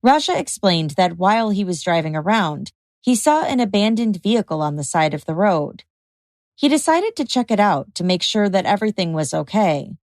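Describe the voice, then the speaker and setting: A woman hosting a podcast, reading a scripted true-crime narration in a measured, even way. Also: medium pitch, no echo. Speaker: podcast host.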